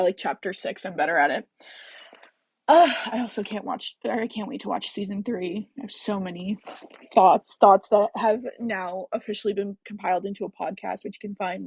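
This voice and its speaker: A woman's voice: medium pitch, gravelly, darkish tone, slightly rough, dry recording. A woman in her twenties reading a romance novel aloud on a phone live stream, then chatting in a gushing, slangy way. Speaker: book reader and live streamer.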